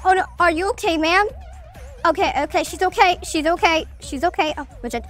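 Young woman gaming streamer, high bright voice, chatty and excitable, with faint game music behind her. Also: a little fast. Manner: chatty, excitable, self-mocking. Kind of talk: casual gameplay commentary.

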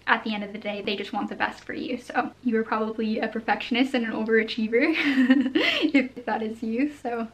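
Bright, chatty young woman, slightly distant mic. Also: a little high, flat delivery, fast, few pauses. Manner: upbeat and chatty, with frequent laughs. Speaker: fashion vlogger. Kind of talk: casual chat to camera, trying on clothes. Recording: distant mic with faint background noise.

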